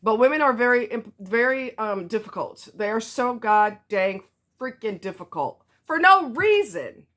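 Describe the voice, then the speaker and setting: Here a vlogger with a slightly high, somewhat bright and expressive voice airs her grievances at a measured pace. Her ranting is blunt and forceful, with repetition used for emphasis.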